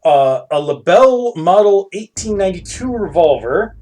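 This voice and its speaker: A man's voice: a little high, lively intonation, moderate pace. A man hosting a let's play, reading game text aloud and making wry, joking asides. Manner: wry, joking asides between read-outs. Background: game music.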